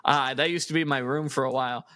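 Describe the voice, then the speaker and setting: A man's voice: mid-range voice, fast. A man co-hosting a casual podcast, telling stories with lots of swearing and laughter. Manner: animated storyteller, swears, laughs through stories. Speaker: podcast co-host. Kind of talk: casual chat.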